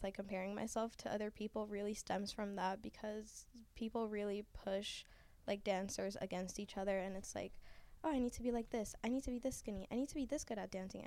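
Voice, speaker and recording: A woman's voice: medium pitch, a little mellow, clear, resonant tone, no echo. A woman in her twenties hosting a podcast, talking in a candid, chatty way and swearing casually. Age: 20s. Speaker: podcast host.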